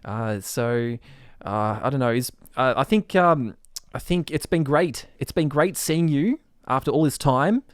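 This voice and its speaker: Male podcast host, mid-pitched, hesitant and chatty, in a dry room. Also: measured pace, no echo. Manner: hesitant, lots of fillers. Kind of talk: casual chat.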